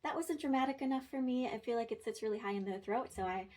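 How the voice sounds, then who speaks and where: A woman's voice: on the high side, quick pace, a little mellow, rough recording. Woman giving playful parenting advice. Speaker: parenting content creator. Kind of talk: scripted parenting advice talk.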